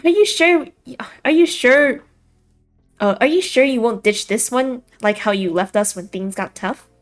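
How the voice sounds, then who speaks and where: A fierce, protective young woman from a visual novel, voiced by a woman reading it aloud. She sounds scornful and confrontational, in a fairly high voice. Faint music plays underneath. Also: animated, fairly quick, natural voice.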